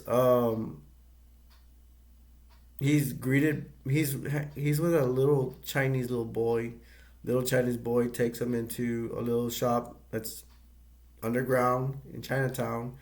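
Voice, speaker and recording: A man giving a casual movie review, retelling the plot in a rambling, halting way with many restarts. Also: mid-range voice.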